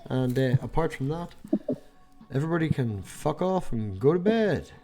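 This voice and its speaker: A man's voice: on the high side, lively intonation, normal speed, dark tone, soft background music. A man with an Irish accent hosting a casual online chat, swearing and joking with his guests over a call. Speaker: podcast host.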